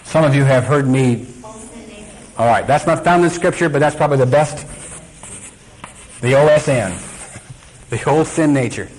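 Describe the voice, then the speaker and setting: A man's voice: medium pitch, normal speed, pauses often, slight background noise, rough recording. A man teaching a sermon who keeps quizzing his congregation and acting out quotes. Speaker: Bible teacher.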